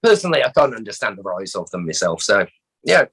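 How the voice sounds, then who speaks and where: A man's voice: fairly low pitch, very animated, fast talker, gravelly, a bit bright, slightly rough, low-quality recording. A man with an English accent hosting a podcast quiz in casual chat, chatty and prone to stammering restarts. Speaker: quiz host.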